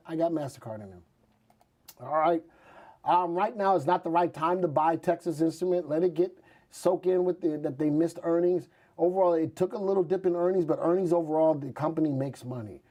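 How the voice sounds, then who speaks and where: Male market host, slightly high and mellow voice, casual live chart commentary. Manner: chatty, reads out viewer stock picks.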